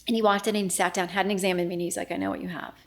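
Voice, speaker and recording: A middle-aged woman, a news anchor, telling a personal story in an interview, earnest and often dropping to a hushed voice as she re-enacts what was said. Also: lowish voice, level tone, rapid-fire. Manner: earnest, reenacts dialogue, often drops to a hushed voice.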